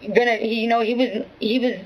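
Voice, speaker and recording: Rambling, profane woman with a higher voice. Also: fairly even intonation, brisk, rough recording. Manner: rambling, profane, full of restarts and "you know what I'm saying". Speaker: witness being questioned. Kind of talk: rambling spoken account in an interview.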